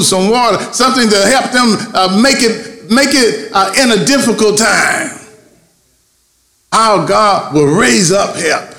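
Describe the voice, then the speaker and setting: A man's voice: sits high, bright, forceful tone, roomy sound. A man preaching a sermon as pastor, calling for responses and stretching key words for emphasis. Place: church sanctuary.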